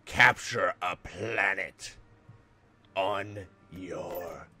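A man voicing a sinister old male emperor in a fan role-play over gameplay, speaking in a drawn-out, commanding way. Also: sits low, pushed and bright, faint music behind, voice pushed down, heavily acted. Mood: sinister approval.

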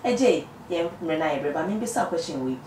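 A woman with a Ghanaian accent acting as interviewer, asking questions and summing up answers in Twi and English with brisk prompts. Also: on the low side, animated, a little mellow. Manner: brisk prompts and short acknowledgements. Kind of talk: casual street interview. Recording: echoey, distant mic, faint noise.

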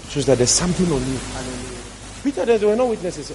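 A man's voice: fairly high pitch, very animated, fast, background noise. A man preaching a sermon as pastor, emphatic and repeating his key phrases for stress.

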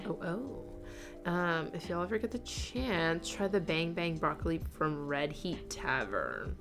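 Lively low-voiced woman with a gravelly edge. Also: takes it slowly, music in the background. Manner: chatty, laughs often, reads chat aloud. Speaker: knitting livestream host. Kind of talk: casual chat, reading viewer comments aloud.

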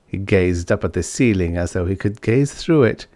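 A man narrating a vintage science fiction short story as an audiobook, in a measured storytelling manner. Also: low-pitched, animated, a little mellow, no echo, clean studio sound. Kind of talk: scripted narration.

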